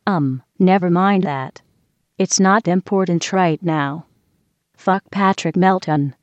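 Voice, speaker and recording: A synthetic female voice playing a foul-mouthed computer assistant, with a flat machine delivery. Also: on the low side, takes it slowly, dry recording, muffled recording. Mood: angry.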